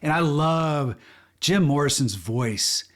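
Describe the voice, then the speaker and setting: A man's voice: on the high side, lively intonation, takes it slowly. A man co-hosting a podcast, chatting casually about a film with lots of restarts and enthusiasm. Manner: rambling, frequent restarts, enthusiastic. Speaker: podcast co-host.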